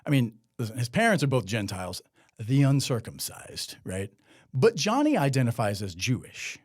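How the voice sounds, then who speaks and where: A man's voice: mid-range voice, big pitch swings, normal speed. A man hosting a solo commentary podcast, talking in a sarcastic, conversational way with many filler words. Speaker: podcast host.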